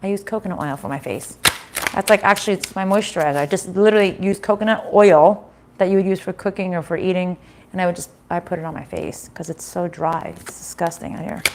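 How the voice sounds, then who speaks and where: A woman's voice: fairly low pitch, fast, a little mellow, a little hiss or hum. Middle-aged lady chatting thru a live tarot reading at home, talky and loose, swears a bit. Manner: chatty, swears, laughs, often reads live chat. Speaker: tarot reader doing a live stream. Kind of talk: casual live-stream chat and reading.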